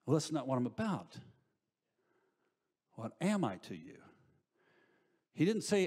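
A middle-aged man preaching a sermon in church. He asks rhetorical questions and moves between loud, emphatic lines and hushed asides. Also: on the high side, very animated, unhurried, husky. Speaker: pastor. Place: church sanctuary.

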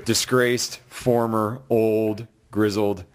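A man's voice: on the low side, level tone, extremely slow, clean tone. A man co-hosting a casual podcast, giving a blunt, sarcastic movie review with lots of restarts. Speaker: podcast co-host.

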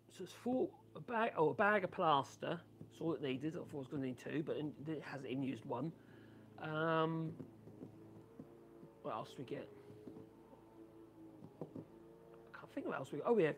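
A man with a Norfolk accent and a raspy, coarse voice, rambling casually on a live stream and reading out viewer comments. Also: a little high. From Norfolk, England. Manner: rambling and chatty, many ums and restarts. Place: home workshop.

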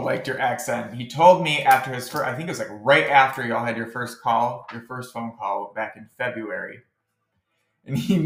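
Man, mid pitch, chatty coach giving feedback, rambles with restarts, roomy echo. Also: fairly bright tone. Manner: rambling, many fillers and restarts, chuckling. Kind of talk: casual recorded feedback message.

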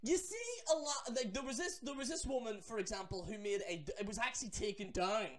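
Ranting, profane man vlogger. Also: high-pitched. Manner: animated, profane, mocking, quick asides. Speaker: wrestling vlogger. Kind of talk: ranting commentary.

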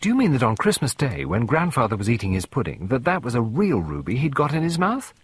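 A man's voice: mid-range voice, wildly swooping pitch, fast talker, husky. A man voicing a startled, anxious young man who speaks urgently. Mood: shocked.

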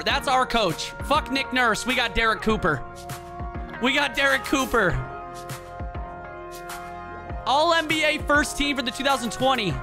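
A man giving casual, excitable let's play commentary, swearing freely and talking to his viewers. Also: very high voice. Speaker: gaming channel host.

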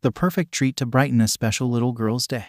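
Male narrator for a fan story, even, steady delivery, dry sound. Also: mid-range voice, brisk, dry recording. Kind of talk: reading a fan story aloud.

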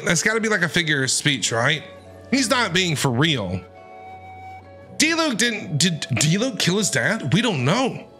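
A man giving excitable reaction commentary while reading a manga, firing off questions and exclamations. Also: sits high. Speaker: streamer, content creator.

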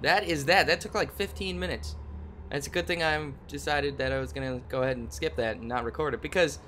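A young man hosting a game play video, talking to viewers in a goofy way and breaking into loud yelps and yells. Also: on the high side, brisk, slight background noise. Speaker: gaming channel host. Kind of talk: let's play commentary. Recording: game music playing softly behind.

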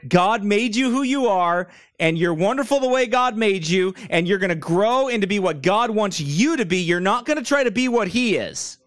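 A man's voice: high voice, lively intonation, moderate pace, hardly any pauses, a bit bright, no echo, studio quality. A man preaching a sermon while seated, blunt and mocking, wandering off into stories. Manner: blunt, mocking, digressive preaching with put-on quoted voices. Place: church room, speaker seated.

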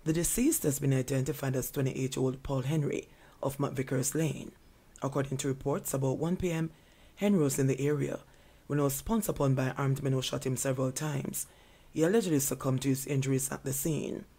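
A man reading crime news in a steady, measured scripted delivery. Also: medium pitch. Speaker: news reader.

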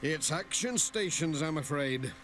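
A man's voice: on the high side, animated, a little slow. An actor voicing a cheerful, kindly village postman in a children's cartoon, chirpy and reassuring, with music playing behind.

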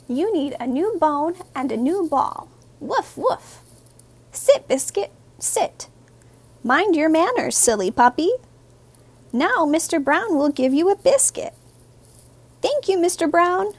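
A woman, a teacher, reading a children's picture book aloud in a gentle, expressive, sing-song way. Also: high voice, unhurried.

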